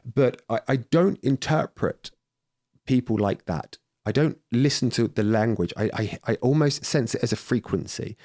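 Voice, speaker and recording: A man's voice: mid-range voice, normal speed, darkish tone, no room sound, studio quality. A man talking in a casual podcast conversation, rambling with many restarts and getting heated and sweary.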